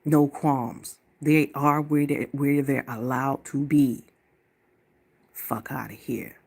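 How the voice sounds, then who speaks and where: A woman from the United States delivering a blunt, profane ranting monologue to camera as a vlogger, slowing down to hammer her points. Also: a bass voice, fairly even intonation, creaky, darkish tone, husky.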